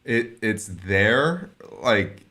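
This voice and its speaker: A man's voice: medium pitch, big pitch swings, extremely slow, sharp tone. A young man in a laid-back casual chat as podcast co-host, who often calls people "dude" and "man".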